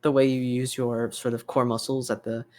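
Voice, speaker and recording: A man's voice: medium pitch, little pitch movement, brisk, a little mellow, dry recording. Casual young man talking singing technique. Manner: demonstrates vocal fry and gritty singing while explaining; lots of fillers, restarts and "you know". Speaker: podcast host. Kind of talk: casual chat.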